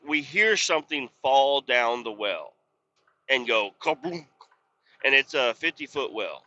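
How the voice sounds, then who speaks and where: A podcast host telling a rambling work story in a casual, profane, exasperated way. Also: male voice, medium pitch, pushed and bright, muffled recording.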